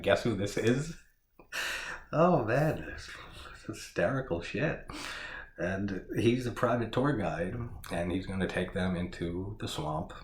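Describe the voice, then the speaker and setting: A man's voice: low-pitched, slight background noise. A man casually recapping a horror movie, swearing freely, laughing often and quoting lines from the film. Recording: echoey room with faint ambience.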